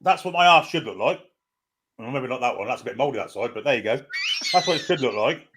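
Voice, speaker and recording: A man's voice: mid-range voice, lively intonation, fast, noisy background. A man co-hosting a casual stream, joking at his own expense. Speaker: co-host. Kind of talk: casual banter.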